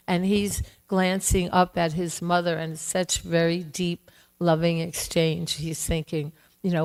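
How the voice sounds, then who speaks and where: A woman giving a devotional class, telling a sacred story gently and voicing its characters. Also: fairly low pitch, steady tone, low-quality recording. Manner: gentle, slow storytelling with voiced quotes. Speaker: class speaker. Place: temple hall.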